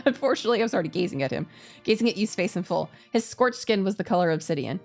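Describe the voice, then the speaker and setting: A woman streamer reading a game aloud and breaking in with animated, cursing asides. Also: on the low side, quick pace, vocal fry, soft background music. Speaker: VTuber streamer.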